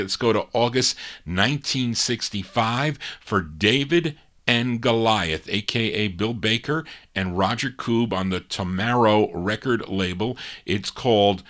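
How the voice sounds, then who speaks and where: A man's voice: lowish voice, fairly bright tone. A man hosting a live oldies record show, chatting casually between songs, rambling a little and correcting himself as he goes. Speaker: radio show host and DJ. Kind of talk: casual live radio-style record introductions.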